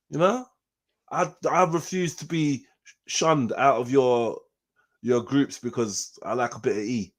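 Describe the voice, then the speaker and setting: A man hosting a casual live panel chat, animated and joking, laughing often and swearing freely. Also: medium pitch, measured pace. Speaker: host.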